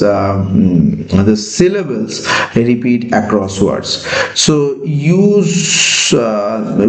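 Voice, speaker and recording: A man teaching a lesson, talking with many pauses and fillers. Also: mid-range voice. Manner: slow, hesitant, many fillers. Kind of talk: classroom lecture. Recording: echoey room.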